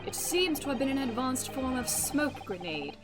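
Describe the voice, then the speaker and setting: A woman's voice: high-pitched, very animated, normal speed. A woman reading a formal old judge. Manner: formal, ornate courtroom diction. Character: stately older male courtroom judge. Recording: game music playing behind.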